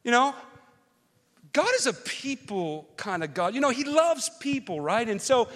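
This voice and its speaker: A man preaching as pastor, telling an animated personal story that swings from loud rants to quiet, earnest reflection. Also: very high-pitched, measured pace. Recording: long hall reverb.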